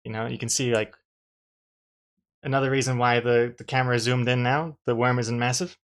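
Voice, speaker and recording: A man's voice: mid-range voice, fairly even intonation, brisk, smooth. A man, a comic artist, chatting casually to his live-stream viewers while drawing, rambling and restarting his sentences with dry jokes.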